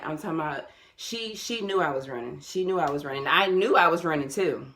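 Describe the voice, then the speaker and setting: A young woman, casually telling a personal story to her viewers, animated and repeating herself, calling them y'all. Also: deep voice, fast talker. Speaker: vlogger.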